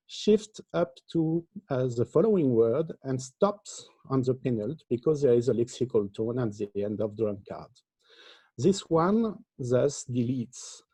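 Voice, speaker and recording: A man lecturing at an academic conference. His voice is gravelly and mellow, and he explains his points slowly with many pauses. The sound is dry, as if picked up close on a video call. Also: mid-range voice, no room sound. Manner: halting, explanatory delivery with frequent pauses. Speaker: linguistics lecturer.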